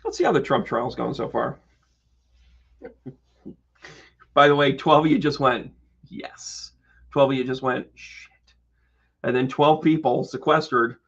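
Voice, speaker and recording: A man's voice: mid-range voice, a little slow, gravelly, pauses often, fairly bright tone, husky, lo-fi sound. A man doing a live-streamed tarot reading as its host, exclamatory and joking, swearing freely and greeting viewers by name. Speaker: tarot reader and medium.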